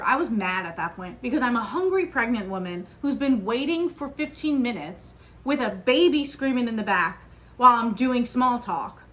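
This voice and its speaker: Young woman podcaster rambling casually, a bit high pitched, lots of likes. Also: moderate pace. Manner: chatty storytelling, lots of "like", animated retelling. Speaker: podcast host. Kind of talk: casual solo podcast chat.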